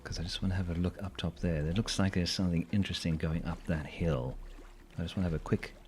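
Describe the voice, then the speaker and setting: A hoarse man chatting casually while streaming a game, playful and rambling, with silly sing-song asides. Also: low-pitched, fairly even intonation, fast, a little mellow, a little hiss or hum.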